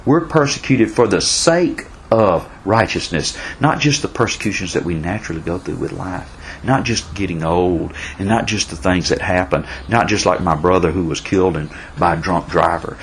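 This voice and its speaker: Low-pitched man leading a Bible study, folksy and repetitive, faint noise behind. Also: normal speed, creaky, fairly bright tone, low-quality recording. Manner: folksy, repeats himself, answers questions from the class. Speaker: Bible class teacher.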